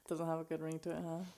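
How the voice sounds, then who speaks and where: A young woman co-hosting a casual podcast chat, giggly and quick with quips. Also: deep voice, warm tone. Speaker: podcast co-host.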